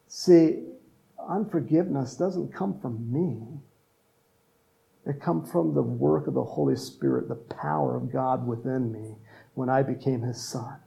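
A man's voice: a little high, a little slow, vocal fry, mellow, low-quality recording. A man preaching a sermon in a conversational style, mixing jokes and asides with earnest appeals. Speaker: pastor.

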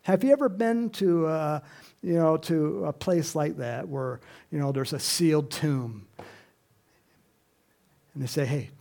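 A preacher delivering an animated sermon, swinging between hushed and loud passages. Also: mid-range voice, a little slow, gravelly, pauses often.

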